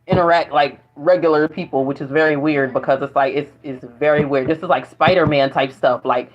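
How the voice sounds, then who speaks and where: A woman's voice: low voice, fairly even intonation, brisk. A woman vlogging in a casual spiritual monologue, rambling and profane, often breaking into laughter. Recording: dull lo-fi recording.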